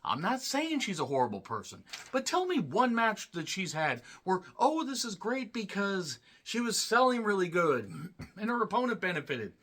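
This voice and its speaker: A man rants through a solo wrestling review in a fairly high, bright voice that swings widely in pitch. He is blunt and swears freely, and he keeps stopping to clear his throat. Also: big pitch swings, moderate pace. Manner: ranting, blunt and profane.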